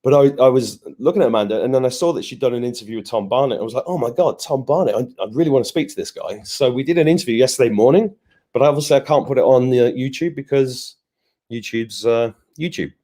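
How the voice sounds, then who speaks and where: A man speaks fast in a mellow, mid-range voice while hosting a relaxed live stream. He says hello to viewers by name, cracks jokes, and rambles, often starting over.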